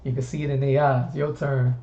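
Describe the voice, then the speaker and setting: A man's voice: mid-range voice, little pitch movement, a little fast, warm tone. A man from the southern US hosting a casual talk stream, rambling easily and repeating words as he goes. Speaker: host. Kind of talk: casual chat. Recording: muffled stream audio with faint hiss.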